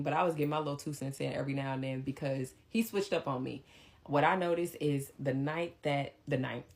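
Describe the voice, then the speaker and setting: Low-voiced woman telling a rambling story. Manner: rambling, animated retelling with filler ums. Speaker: storyteller vlogger. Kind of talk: casual storytime chat.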